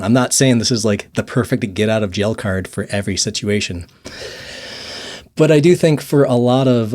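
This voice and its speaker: A man's voice: on the low side, a little mellow. A young man casually telling a story in a monologue, laughing often and restarting his sentences. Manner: rambling, laughs often, restarts and repeats words. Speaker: vlogger.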